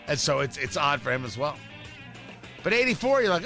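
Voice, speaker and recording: A man's voice: a little high, huge pitch swings, fairly quick, bright, forceful tone, soft background music. A middle-aged man hosting a talk radio show, riffing in a monologue, often restarting his sentences and acting out quotes.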